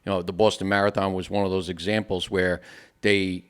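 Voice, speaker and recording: A firefighter co-hosting a podcast tells stories in a low, clean-toned voice, relaxed and rambling. He acts out quoted dialogue and fills pauses with lots of "you know," keeping this casual interview storytelling conversational.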